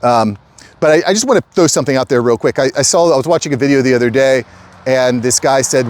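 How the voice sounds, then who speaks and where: A man's voice: mid-range voice, fast talker, slight background noise. A middle-aged man hosting his channel, talking straight to viewers in an emphatic, repetitive way and calling them guys. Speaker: channel host. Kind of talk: casual direct-to-camera talk.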